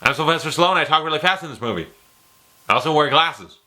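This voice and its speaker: A man doing an impression of a male action-movie cop who talks crisply and very fast. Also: medium pitch, pushed and bright, poor audio. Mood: brisk. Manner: crisp, clipped, rapid delivery.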